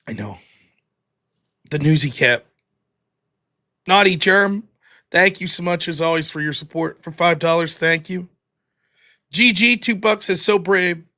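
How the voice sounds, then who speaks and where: A man's voice: sits high, unhurried, long pauses, bright, forceful tone. An American man hosting a live stream, reading viewer donations aloud in a mock-wounded, self-deprecating way. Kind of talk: casual live-stream chat.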